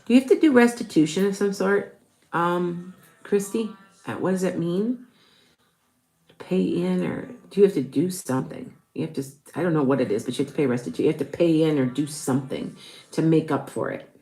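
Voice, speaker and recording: A woman with a low voice reads tarot on a live stream, answering viewer questions in a loose, chatty way full of ums and restarts. The sound is echoey, as if she is in a bare room. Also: fairly quick, dark tone. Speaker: tarot reader and show host.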